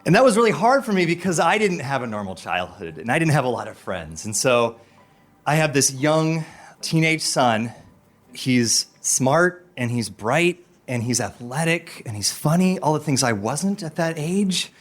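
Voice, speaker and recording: Lively man telling a family story. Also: medium pitch, moderate pace. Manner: animated, acts out the voices in his story. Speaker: guest storyteller. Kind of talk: personal story told on a podcast.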